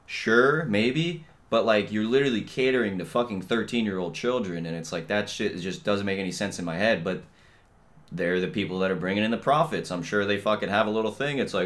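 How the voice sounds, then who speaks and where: Profane, ranting young man, lowish voice. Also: a little fast, a bit bright. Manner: profane, blunt, heavy on filler and "you know what I mean". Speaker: podcast host. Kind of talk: casual rant.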